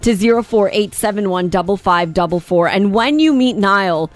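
A woman's voice: medium pitch, normal speed, soft background music. A woman with a New York accent co-hosting a breakfast radio show, bubbly and enthusiastic. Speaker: radio host.

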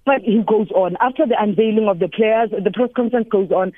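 A woman's voice: medium pitch, brisk, no echo. A woman, a sports reporter calling in to a radio interview and talking emphatically and emotionally, repeating herself for stress. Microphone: telephone. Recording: dry tinny phone line.

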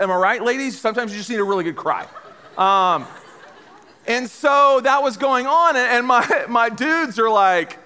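A man in his thirties speaks live to a college ministry gathering, telling stories full of playful, self-mocking humor and addressing the room directly. His very high voice is sing-song and sharp, a little slow, and it carries a big-room sound.

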